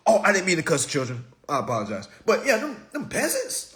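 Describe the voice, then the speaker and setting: A man with a high, lively voice rants to his live-stream viewers. His pitch leaps around as he fires off rhetorical questions. He swears freely and lectures them. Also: fairly quick, few pauses. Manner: animated, profane, preachy, fires rhetorical questions. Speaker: online personal finance commentator.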